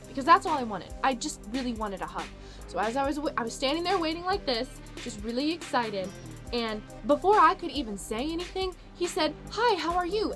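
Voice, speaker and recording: Brief: young woman vlogger in her twenties, high and bright, gushing storyteller, music playing underneath. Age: 20s. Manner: gushing, bubbly, emphatic repetitions. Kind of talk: excited storytelling to camera.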